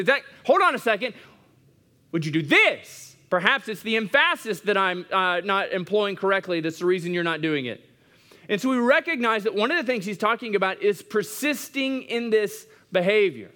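High-voiced man preaching a sermon. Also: a bit bright. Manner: conversational, repeats phrases for emphasis. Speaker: pastor. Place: church service.

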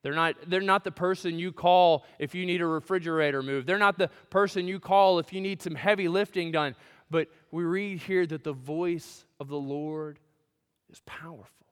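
A man preaches a sermon in a church sanctuary, his smooth, resonant voice sitting a little high for a man. He builds to loud, emphatic peaks, then drops to a hushed, almost whispered delivery. A long reverb trails after his words. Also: normal speed. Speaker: pastor.

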